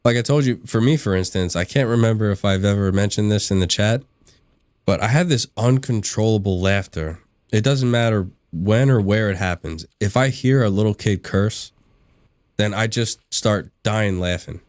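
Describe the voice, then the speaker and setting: A man hosts a live game stream and chats loosely with his viewers while he plays. His voice sits low, and he laughs easily and often. He replies to the chat as he goes. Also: normal speed, a little mellow, no room sound. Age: adult. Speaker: livestream gaming host. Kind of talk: casual chat while gaming.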